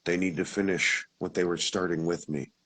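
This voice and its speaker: A man voicing a lost father's calm, husky voice. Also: sits low, normal speed, no room sound. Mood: earnest. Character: missing father speaking through a radio, middle-aged man.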